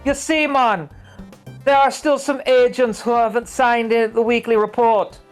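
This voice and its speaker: A man voicing a bossy male agent from a video game in a put-on Jamaican accent, reading the lines slowly and with deliberate care. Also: very high-pitched, steady tone, faint music behind.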